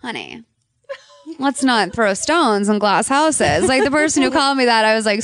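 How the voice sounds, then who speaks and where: A woman's voice: a little high, moderate pace, no echo. A woman in her thirties, a podcast guest and author, talking casually and full of "like" fillers. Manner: chatty, many "like" fillers, animated storytelling.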